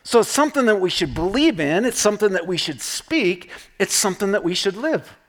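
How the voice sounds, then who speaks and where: Very animated, with a high-sitting voice and fairly bright tone, a middle-aged pastor tells stories through his conversational sermon. He often pauses for a quick "right?" to check in with the congregation.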